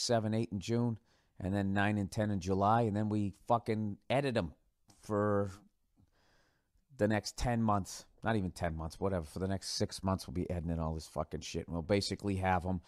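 A man's voice: fairly low pitch, no room sound, clean studio sound. Profane, sarcastic man rambling on his podcast. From United States. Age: middle-aged. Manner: profane, sarcastic, loose asides. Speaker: podcast host. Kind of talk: casual rambling monologue.

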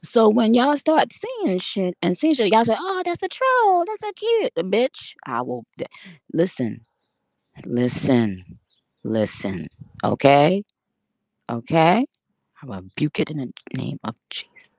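A woman chatting casually and profanely on a livestream, rambling, laughing often and talking with animated energy. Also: low-pitched, slow pace, pauses often, no room sound, clean studio sound. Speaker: livestream host. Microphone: audio livestream from home.

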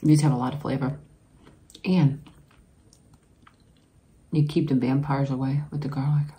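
A woman's voice: extremely low pitch, little pitch movement, unhurried, mellow. A woman vlogger taste-testing snacks, chatting casually to viewers, giggling and talking while she chews. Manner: chatty, giggly, savoring food aloud while chewing. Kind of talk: casual taste-test chat to camera.

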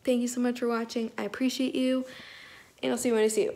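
A woman's voice: fairly high pitch, flat delivery, fast talker, mellow. A young woman talking frankly and with exasperated self-mockery in a casual daily vlog, filmed on her phone while out and about. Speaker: vlogger. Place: outdoors and on the go.

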